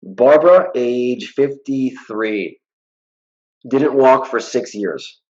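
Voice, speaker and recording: With lo-fi sound, a mid-range male voice takes his time as a hypnotist guest on an informal interview. His storytelling is blunt and animated, complete with impressions of those he quotes.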